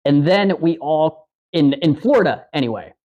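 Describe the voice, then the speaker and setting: A man's voice: fairly high pitch, animated, moderate pace, muffled recording. A man hosting a livestream, telling rambling, profane anecdotes in a casual chat and acting out the quotes. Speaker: podcast host on a livestream.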